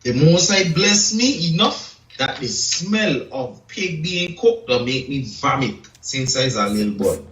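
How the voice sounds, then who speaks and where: Slow, lecturing man. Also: a little high, lively intonation, a bit bright. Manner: slow, lecturing, asks "you check?". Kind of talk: casual chat. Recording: echoey room, distant dull mic.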